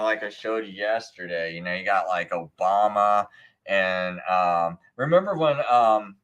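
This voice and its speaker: An American man hosting a live stream rants in a casual, sarcastic and scornful way, often slipping into mocking impressions of other people. His voice is on the low side and a bit bright.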